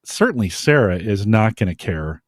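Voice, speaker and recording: A man's voice: lowish voice, very animated, moderate pace, no echo. A man co-hosting a podcast in casual chat, talking emphatically and giving strong opinions on a close mic. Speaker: podcast co-host.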